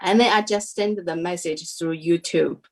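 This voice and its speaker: A young woman telling her story as a guest, slowly and hesitantly, in careful non-native English with many pauses and fillers. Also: lowish voice. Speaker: guest sharing a testimony. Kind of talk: casual spoken testimony.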